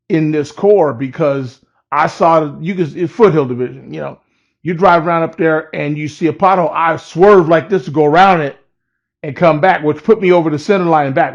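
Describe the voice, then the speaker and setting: Gravelly man telling a profane story. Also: a little high. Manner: profane, laid-back, laughs at his own story. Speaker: rapper telling a personal story. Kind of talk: casual storytelling. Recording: dull lo-fi recording.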